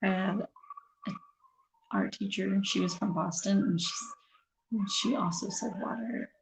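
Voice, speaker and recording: A woman's voice: mid-range voice, steady tone, normal speed, vocal fry, a little hiss or hum, rough recording. A woman vlogging casually to her viewers, chatty and rambling, laughing as she talks. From Kansas City area. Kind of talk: casual chat to camera.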